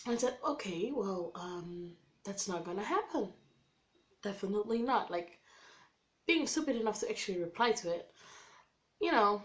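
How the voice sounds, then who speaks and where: Woman vlogger, casual storytelling, animated, acts out quotes, mid-pitched voice. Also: a little slow, pauses often.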